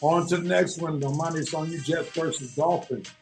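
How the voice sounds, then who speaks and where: Male host, sports talk, emphatic and preachy, slightly high voice, faint music under. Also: normal speed. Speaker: show host.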